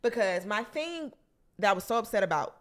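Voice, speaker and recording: A woman's voice: mid-range voice, lively intonation, fairly quick. A young adult woman comedian co-hosting a podcast, venting bluntly and cursing a lot in casual chat.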